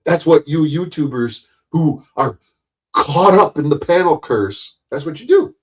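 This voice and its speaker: A man's voice: a little high, lively intonation, measured pace. A man, hosting his own live stream and ranting at his audience in a profane, combative, mocking way. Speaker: livestream host.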